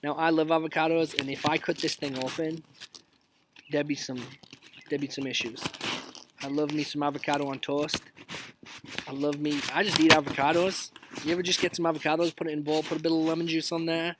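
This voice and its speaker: Outdoors amid heavy background noise, a youth leader hosts a live stream, joking through memes in casual commentary. His slightly high voice is flat and a little fast, and he's chatty, dropping into whispers for asides.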